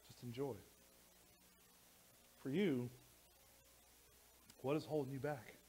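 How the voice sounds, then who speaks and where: Animated male pastor preaching. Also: medium pitch, takes it slowly, husky, low-quality recording. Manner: animated, rising to near shouting when worked up; repeats words and restarts often. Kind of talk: sermon. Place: church.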